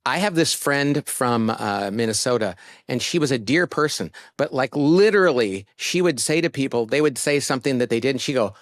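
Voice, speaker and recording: A man speaking as an interview guest, expressive and often acting out the voices of the people he quotes. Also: medium pitch, normal speed, few pauses, dry recording, clean studio sound. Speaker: guest author. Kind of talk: casual interview chat.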